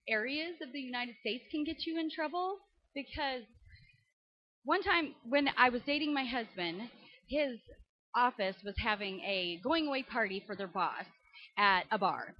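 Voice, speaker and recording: A woman from Indiana in her thirties, telling a comic story with animated delivery, laughing often and squealing high when surprised. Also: dry recording, dull audio. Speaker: comedian. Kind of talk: comedic storytelling to a church audience.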